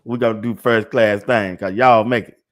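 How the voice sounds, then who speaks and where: A man's voice: fairly low pitch, fairly even intonation, normal speed. An older man hosting a casual sports talk livestream. He laughs often and repeats phrases over and over. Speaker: sports talk show host.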